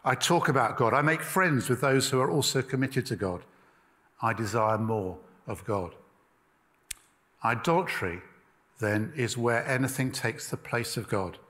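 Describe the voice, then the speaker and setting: A man delivers a sermon at a measured pace, leaning on key words and pausing between phrases. His voice sits at an ordinary middle pitch. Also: fairly bright tone, big-room sound. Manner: measured, emphatic delivery with pauses. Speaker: preacher.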